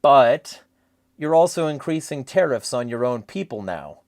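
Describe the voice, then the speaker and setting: A man's voice: mid-range voice, measured pace, dry recording, clean studio sound. Profane, rambling man ranting about politics. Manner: profane, rambling, animated rants. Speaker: podcast host. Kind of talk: casual political chat.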